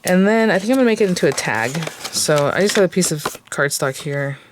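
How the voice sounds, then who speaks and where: A woman's voice: lowish voice, expressive, a little fast, background noise. A woman hosting a casual crafting tutorial, chatting and thinking aloud with lots of fillers as she works. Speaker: craft channel host.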